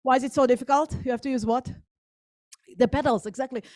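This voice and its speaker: Higher-voiced woman telling a story. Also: steady tone, quick pace, darkish tone, no echo. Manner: engaged, asks the audience questions. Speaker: guest speaker. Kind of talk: storytelling talk to an audience.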